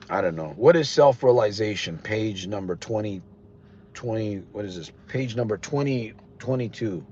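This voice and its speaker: A podcast host with a Connecticut accent runs a live stream, his voice fairly low and darkish in tone. He talks casually, blunt and rambling, often restarting his sentences. The audio is dull and lo-fi with faint noise.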